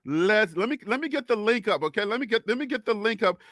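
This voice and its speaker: A man hosting a live sports stream, excitable and teasing, calling out chat names in what he calls his radio voice. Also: sits high, quick pace, dry recording, clean studio sound. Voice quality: self-described radio voice.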